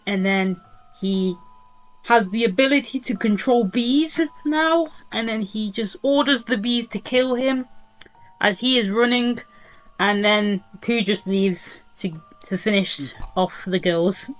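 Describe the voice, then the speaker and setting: A woman's voice: medium pitch, rough recording. A young woman giving a casual movie review, chatty and incredulous, full of filler words.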